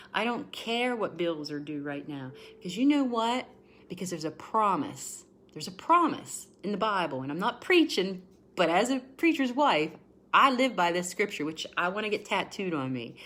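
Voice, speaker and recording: A woman with a somewhat low voice talks through a tarot reading on a livestream. She is emotional and encouraging, and she wanders into chatty asides while sounding close to tears. A faint hiss sits behind her voice. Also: a bit bright. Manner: emotional and emphatic, sometimes near tears. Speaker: tarot card reader.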